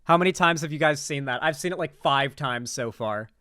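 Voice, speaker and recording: A young male streamer rants through political reaction commentary with a slightly high, clear, smooth voice. He is sarcastic and rambling, and the recording is close and dry. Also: fairly quick, pushed and bright, no echo.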